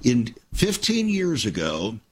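A man's voice: medium pitch, huge pitch swings, takes it slowly, slight background noise. An older man hosting a Christian radio talk show, telling stories earnestly and with emphasis.

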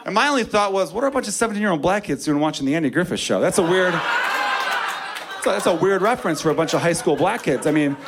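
A man doing stand-up comedy, telling a story with loud, animated delivery and shouted character voices. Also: high voice, quick pace, very noisy.

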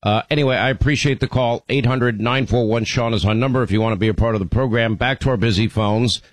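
Talking quickly in a medium-pitched voice, this radio talk show host takes calls in a conversational style, frequently starting sentences over and repeating words. The studio microphone gives a rough recording with no room sound.

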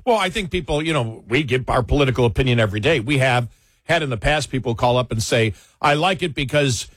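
Male talk radio co-host, mid-pitch, animated storyteller, dry studio sound. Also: no room sound. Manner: animated storytelling, quick asides, frequent restarts. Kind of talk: casual political talk.

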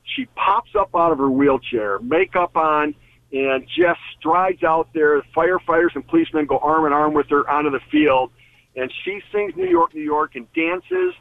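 A man's voice: on the high side, very animated, normal speed, creaky, no echo. A man who is a guest and former team executive, telling an earnest story in an interview and often restarting and repeating words. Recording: tinny phone line on radio.

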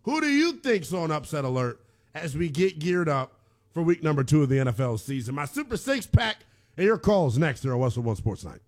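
A man's voice: on the high side, very animated, a little fast, darkish tone. A man hosting a sports radio show, giving the call-in number and teasing what comes next. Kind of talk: radio show host and ad read.

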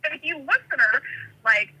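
A woman from California telling animated, rambling stories in casual chat, full of tangents and fillers. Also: high-pitched, normal speed, rough recording.

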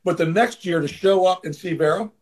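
Man, interview guest, earnest storyteller, somewhat high voice, casual talk. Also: a little fast. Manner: earnest, acts out quoted voices. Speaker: interview guest, former baseball manager.

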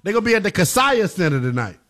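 Man, sports radio host, casual banter, playful, slightly high voice. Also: very animated, quick pace, a bit bright. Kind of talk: sports radio call-in show.

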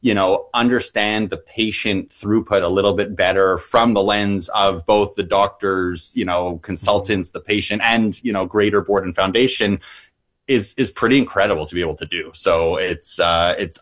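A man's voice: deep voice, fairly even intonation, moderate pace, fairly bright tone. A man who works as an emergency physician, answering interview questions eagerly with frequent restarts.

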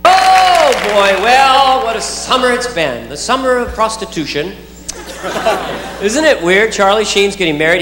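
A male comedian riffing through a stand-up set in a rambling, incredulous way. His voice sits high, and a long hall echo trails it. Audience laughter and steady noise fill the room. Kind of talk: stand-up routine. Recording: live club, hall reverb, crowd laughter.

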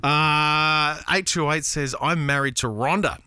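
A man's voice: on the high side, steady tone, a little slow, bright, forceful tone, clear, resonant tone, dry recording, clean studio sound. A man with an Australian accent hosting a casual radio show, reading out listener texts and rambling playfully with self-deprecating asides.

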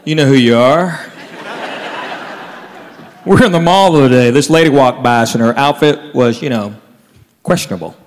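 A man's voice: mid-range voice, normal speed, pauses often. A man telling stand-up comedy stories to a live audience. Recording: hall reverb with faint crowd.

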